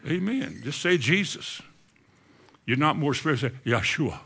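Bright-voiced preacher man. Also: a little high, big pitch swings, a little slow, vocal fry, slightly rough. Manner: conversational preaching, asks the congregation questions. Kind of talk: sermon.

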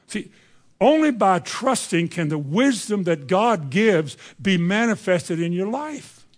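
A man's voice: high voice, very animated, takes it slowly. A man preaching a sermon, driving his points home with rhetorical questions to the congregation.

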